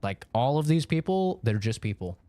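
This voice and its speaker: A man's voice: medium pitch, big pitch swings, moderate pace, mellow, no echo. A young man from Oregon, chatting casually with his stream chat in a rambling, profane way, laughing between points.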